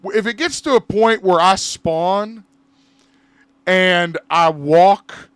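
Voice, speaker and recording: A man's voice: high voice, takes it slowly, crowd noise. A man hosting a podcast in casual chat, swearing freely, laughing often and rambling between topics. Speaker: podcast host.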